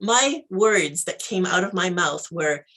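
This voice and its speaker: A woman, a guest in an interview, tells a personal story with animated acted-out dialogue. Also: fairly low pitch, measured pace. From Canada. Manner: animated storyteller, acts out dialogue, laughs often.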